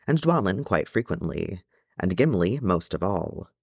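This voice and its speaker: A man's voice: low voice, very animated, a little slow, vocal fry, breathy edge, dry recording, clean studio sound, heavily acted. Thorin, a man voicing a stern dwarf king. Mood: grave. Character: stern older male dwarf king, proud, guilt-ridden. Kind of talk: audiobook fan reading.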